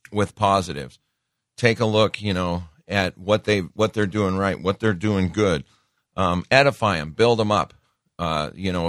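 A man's voice: low voice, a bit bright, no room sound, studio quality. A man giving a casual, conversational sermon, folksy, with many fillers and asides.

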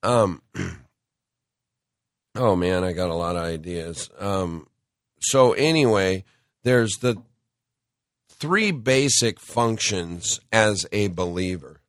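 A middle-aged man hosting a talk show monologue, talking slowly and heavily with an indignant, emphatic edge. He has a cold and keeps clearing his throat. The recording is dry and close. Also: low-pitched, animated, no echo. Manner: indignant, emphatic, addresses listeners as folks. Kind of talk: opinionated monologue.

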